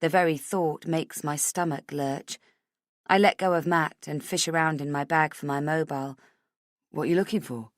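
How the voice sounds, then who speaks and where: A woman's voice: low-pitched, steady tone, normal speed, dry recording, studio quality. A woman narrating a first-person thriller audiobook in an intimate, inward way.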